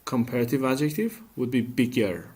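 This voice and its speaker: A man's voice: mid-range voice, normal speed, darkish tone. A man teaching a grammar lesson, speaking patiently and asking questions that he then answers himself. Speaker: English teacher.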